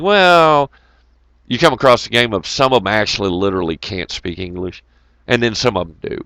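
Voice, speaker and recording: A man's voice: lowish voice, lively intonation, a little fast, gravelly, a bit bright, no room sound. Rambling, profane man with a drawl. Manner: profane, rambling, jokey, greets chat viewers. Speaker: channel host. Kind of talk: casual rambling storytelling to viewers.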